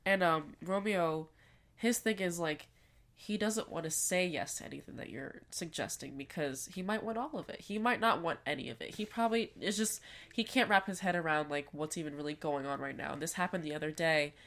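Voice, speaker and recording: Telling a story on the podcast she co-hosts, a young adult woman chats casually, with plenty of fillers and a bit of swearing. She has a deep voice, speaks fairly quickly, and her tone is fairly bright.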